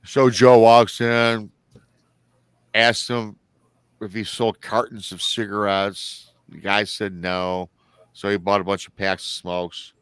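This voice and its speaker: A man's voice: fairly low pitch, flat delivery, takes it slowly, clear, resonant tone, no room sound. A man from Michigan hosting a livestream, telling a story in a rambling, chatty way that often corrects itself. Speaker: host.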